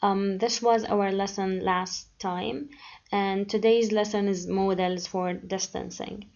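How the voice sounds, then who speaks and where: Woman, English teacher, unhurried, hesitant delivery with fillers, muffled low-fi sound. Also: fairly even intonation, darkish tone. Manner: patient and hesitant, with many ums and uhs. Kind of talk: classroom grammar lesson. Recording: dull lo-fi recording.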